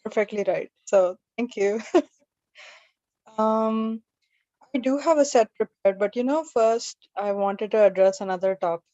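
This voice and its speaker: A woman's voice: mid-range voice, unhurried, warm tone, dry recording, highs cut off. A woman hosting an open mic and doing stand-up, telling stories in a chatty, self-deprecating way. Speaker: open mic emcee and comedian.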